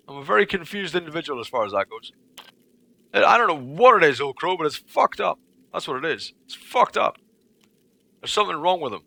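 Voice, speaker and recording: A man's voice: sits high, vocal fry, bright, forceful tone. A man livestreaming a game, chatting casually to his viewers in a profane, rambling way. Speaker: livestreaming gamer. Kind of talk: casual chat while playing a game.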